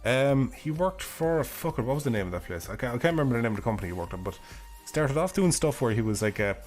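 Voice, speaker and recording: A young Irish man streaming a game, chatting casually in a rambling way, swearing freely and laughing often, his voice hoarse and failing. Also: mid-range voice, animated, fast talker, a little mellow, faint music behind. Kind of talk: casual livestream chat while gaming.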